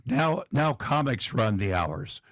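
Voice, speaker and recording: Speaking slowly in a mid-range voice with no room sound, a middle-aged man who acts and does comedy spins self-deprecating stories as a talk show guest. He's a lively, animated storyteller, keeping things casual.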